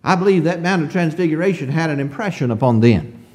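A man preaching a sermon in an emphatic cadence, stretching out phrases, swelling on key words and often clearing his throat. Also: fairly high pitch, animated, fast talker, a little mellow.

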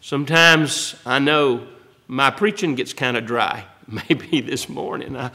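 A man's voice: mid-range voice, slow, pushed and bright. A man preaching a sermon as pastor. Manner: folksy preaching, rising to bold emphasis.

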